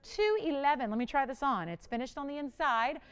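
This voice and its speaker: A woman's voice: sits high, fairly quick. A woman hosting a live shopping channel, selling jewelry in a chatty, enthusiastic way and talking with callers and crew. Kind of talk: live jewelry sales pitch. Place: TV studio.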